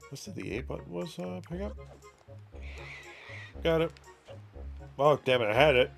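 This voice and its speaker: A man streaming a video game, casual and excitable, swearing when things go wrong. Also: a little high, unhurried, gravelly, music in the background. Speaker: gameplay streamer. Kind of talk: casual gameplay commentary.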